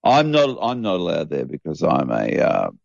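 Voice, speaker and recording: Man, low gravelly voice, stop-start chatter, dull lo-fi dry recording. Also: huge pitch swings, no echo. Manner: halting, lots of restarts. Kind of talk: casual chat. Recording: dull lo-fi sound.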